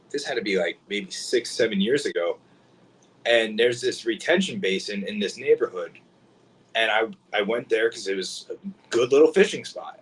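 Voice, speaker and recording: A man hosting a podcast, telling stories in a relaxed, conversational way. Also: lowish voice, husky, rough recording. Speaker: podcast host. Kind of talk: casual chat.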